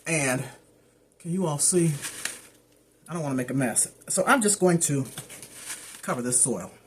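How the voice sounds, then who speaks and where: There's a little hiss or hum behind this woman's low voice. As a plant care vlogger, she gives a relaxed how-to walkthrough of her house plants, drifting onto tangents and mangling some plant names.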